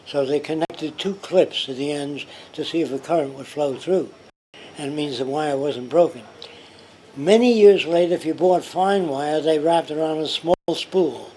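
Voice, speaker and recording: A man's voice: fairly high pitch, moderate pace, dark tone, slight background noise, rough recording. An older man telling anecdotes in casual conversation, acting out the people he quotes. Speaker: interviewee. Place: pub. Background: pub ambience.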